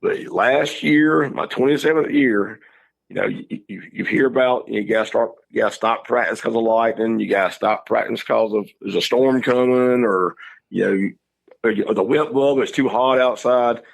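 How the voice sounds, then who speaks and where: Gravelly, husky coach. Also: male voice, medium pitch, moderate pace, poor audio. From Georgia, USA. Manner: rambling, repeats words and restarts often. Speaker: high school head football coach. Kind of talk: casual storytelling interview.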